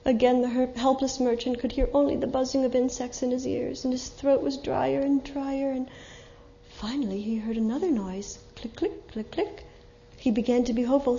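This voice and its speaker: A woman reads a story aloud with expressive, dramatic delivery. Her voice is fairly high and mellow, and the recording sounds muffled and lo-fi. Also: normal speed. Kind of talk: storybook reading.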